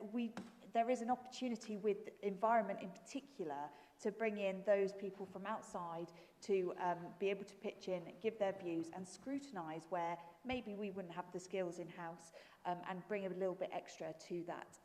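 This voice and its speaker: A woman's voice: medium pitch, darkish tone. A woman leader speaking in a council meeting debate, earnest, with frequent ums and restarts. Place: large council chamber. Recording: long hall reverb.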